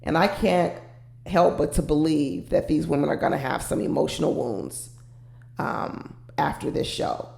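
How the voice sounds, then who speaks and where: Low gravelly woman ranting about a reality show, echoey room. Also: a little slow, darkish tone. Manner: opinionated, talks straight to viewers. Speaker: reality TV commentator. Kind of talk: casual commentary to camera.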